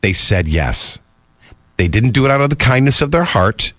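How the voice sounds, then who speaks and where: A man's voice: medium pitch, sing-song, moderate pace, a bit bright, no room sound. A man in casual chat giving blunt, opinionated advice.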